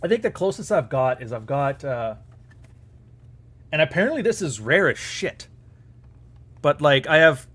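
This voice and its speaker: A man's voice: medium pitch, a bit bright. A man hosting a live stream, chatting casually in a profane, sarcastic and rambling way.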